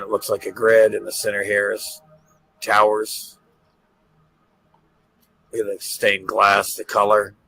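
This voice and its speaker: A man with a low, gravelly voice and a bright, forceful edge gushes over pictures. He repeats his praise again and again and stumbles on his words. Soft music plays behind him. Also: low-quality recording. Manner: gushing, repeats himself, stammers. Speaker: host. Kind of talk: excited commentary over pictures.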